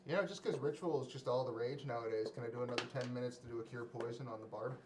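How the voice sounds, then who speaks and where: A man's voice: medium pitch, rapid-fire. A man playing a tabletop game who keeps cracking puns and jokes. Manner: punning, jokey. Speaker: player. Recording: distant, roomy, noisy mic.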